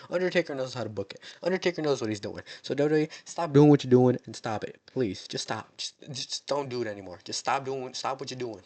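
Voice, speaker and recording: A man's voice: medium pitch, a little fast, hardly any pauses, a little mellow. A young American man hosting a casual wrestling recap, joking and rambling as he talks. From United States. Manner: joking, rambling, mock-dramatic. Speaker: wrestling show recap host. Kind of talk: casual chat.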